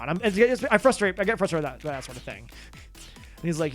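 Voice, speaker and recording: Male streamer, casual storyteller, animated and rambling, faint music behind. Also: fairly high pitch, brisk. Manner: rambling, animated, with restarts and swearing.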